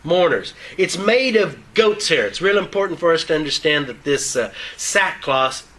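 An older man teaches the Bible in a folksy, joking style. His voice sits fairly high and rings bright and forceful, and his loose dentures slur a syllable now and then. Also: lively intonation, normal speed, poor audio. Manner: folksy and joking, with reading of scripture. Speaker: preacher.

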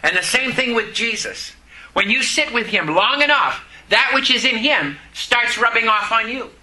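A man preaching a sermon, slow and emphatic, repeating key words to his congregation. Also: extremely high pitch, animated, pushed and bright, rough recording. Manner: preaching slowly with emphatic repetition. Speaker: pastor.

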